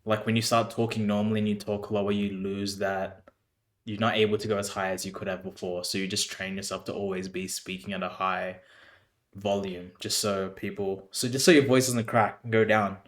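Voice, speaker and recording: A man's voice: fairly low pitch, flat delivery, brisk, a bit bright. A man giving casual, chatty reaction commentary on video clips, saying "bro" and "you know" a lot. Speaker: reaction host.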